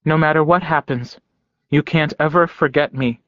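A male narrator voicing an earnest young man who speaks softly and pleadingly. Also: on the high side, moderate pace, no echo, voice pushed up, natural voice. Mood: fierce. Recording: dull, dry lo-fi recording.

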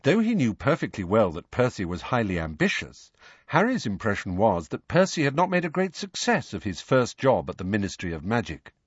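A man reading an audiobook aloud, narrating in a low, measured way and switching into character voices. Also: wildly swooping pitch, breathy edge, no echo, muffled recording. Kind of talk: scripted narration.

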